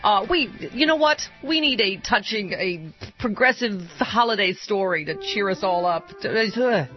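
A woman's voice: medium pitch, lively intonation, a little slow, lo-fi sound, soft background music. A woman hosting a radio talk show, chatty and emotional, laughing often. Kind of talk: casual radio chat.

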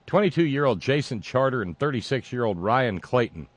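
A man hosting a sarcastic political commentary monologue, mocking and meandering with frequent pauses and restarts. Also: mid-range voice, expressive, no echo.

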